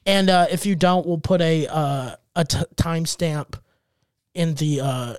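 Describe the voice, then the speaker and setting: A man's voice: a little high, fairly even intonation, measured pace, clean tone, no echo, clean studio sound. A young man co-hosting a comedy podcast, a rambling storyteller who laughs often and acts out what others said. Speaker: podcast co-host and stand-up comedian. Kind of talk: casual comedic podcast chat.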